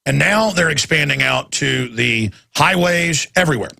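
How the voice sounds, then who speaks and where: Man, talk radio monologue, husky, fairly high voice, impassioned ranting. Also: expressive, normal speed, pushed and bright. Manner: impassioned, ranting, repeats words.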